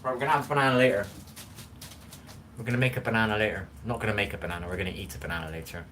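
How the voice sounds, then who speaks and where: A man's voice: on the low side, fairly even intonation, racing, a bit bright, a little hiss or hum. A man chatting casually to his live-stream viewers while he cooks and tidies at home, rambling from topic to topic and swearing bluntly now and then. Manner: rambling, chatty, talks straight to viewers in chat. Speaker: livestream host. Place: home kitchen.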